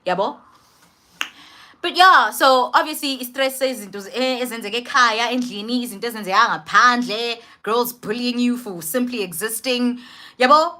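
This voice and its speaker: A young woman with a South African accent who tells a personal story in a casual vlog, switching between English and Zulu in an animated, slangy way. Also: a little high. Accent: South African, mixing in Zulu. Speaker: vlogger.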